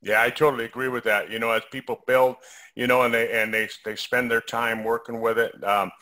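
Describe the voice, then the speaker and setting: A man co-hosting a casual question-and-answer chat, talking in a relaxed, rambling way with many fillers and restarts. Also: medium pitch, brisk. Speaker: co-host of a compensation plan Q&A. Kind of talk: casual conversational Q&A.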